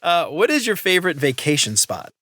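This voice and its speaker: A middle-aged man hosting a podcast, chatting in a quick, enthusiastic, casual way. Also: fairly high pitch, very animated, fairly bright tone, no room sound. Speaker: podcast host. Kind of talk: casual interview chat.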